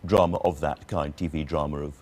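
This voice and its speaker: A man's voice: extremely low pitch, fairly even intonation, brisk. A man hosting a television talk show, interviewing a guest in a conversational, probing way.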